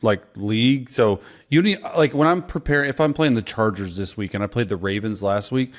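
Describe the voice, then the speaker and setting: A man's voice: fairly low pitch, brisk. A man co-hosting a casual sports podcast, talking loosely with lots of fillers and restarts. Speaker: podcast co-host and former player.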